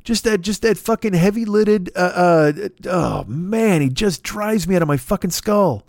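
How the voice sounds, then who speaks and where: An exasperated man rants with constant swearing, his voice swinging wildly up and down. He sits slightly high for a man, and the sound is dry and close with no room in it. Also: a little slow, hardly any pauses, no echo. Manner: animated, sweary, exasperated ranting. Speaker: podcast host. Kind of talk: profane comedic political rant.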